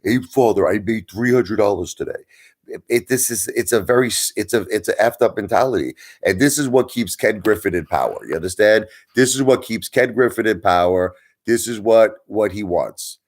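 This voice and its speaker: A man's voice: lowish voice, fairly quick. A man hosting a livestream, ranting bluntly at his viewers, swearing and mocking them. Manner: blunt, swearing, mocks viewers in put-on voices. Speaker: livestream host.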